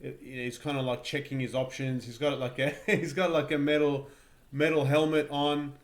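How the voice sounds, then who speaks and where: A man narrating a tabletop game as game master, rambling through his descriptions with halting restarts. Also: mid-range voice, level tone, echoey room.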